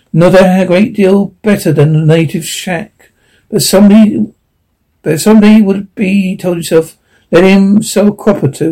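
A man narrating an audiobook in an unhurried way, with some stumbles and restarts. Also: sits high, warm tone, rough recording.

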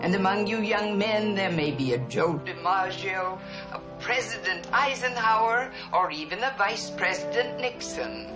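An actress playing a prim middle-aged school principal, making a formal address to graduating students in a film scene. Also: female voice, mid-range voice, moderate pace, lightly acted. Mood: grandly formal. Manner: formal, ceremonious announcement. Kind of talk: 1980s film acting. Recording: film soundtrack with music behind. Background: music.

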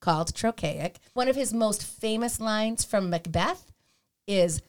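A woman's voice: medium pitch, a little slow. A middle-aged woman co-hosting a casual chat about hymns, explaining poetry in an earnest, explanatory way. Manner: explanatory, reads notes aloud. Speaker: podcast co-host.

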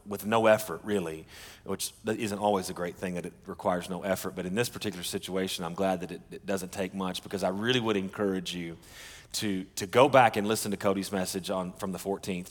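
A male pastor preaching with a low voice. His earnest delivery stops and restarts often, and his words carry a long reverb through a large church hall. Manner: earnest, halting, with frequent restarts. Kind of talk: sermon.

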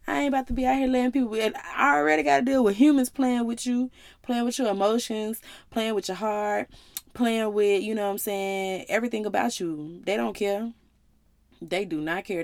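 A woman in her twenties talks through a personal story on her podcast, loose and slangy, calling her listeners y'all. She tells it in an animated way, acting out her own side of arguments. Her voice sits mid-range, recorded dry and close. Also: medium pitch, no echo. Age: 20s. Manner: slangy and conversational, calls listeners y'all and baby. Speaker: podcast host. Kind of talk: casual podcast monologue.

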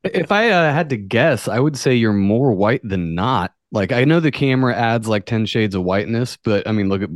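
A man's voice: mid-range voice, animated, normal speed, hardly any pauses, dry recording. Laid-back man making dry remarks. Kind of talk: casual chat.

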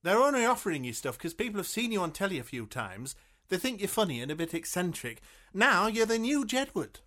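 A woman's voice: mid-range voice, very animated, a little fast, a bit bright. A pragmatic female agent talks her client down in a radio sitcom. She is blunt but coaxing, and her voice rises and falls a lot.

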